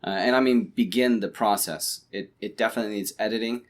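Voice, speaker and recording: In a laid-back late-night podcast chat at home, a co-host with a fairly low voice lays out his plans at a quick pace. His talk rambles, full of fillers and frequently restarted sentences.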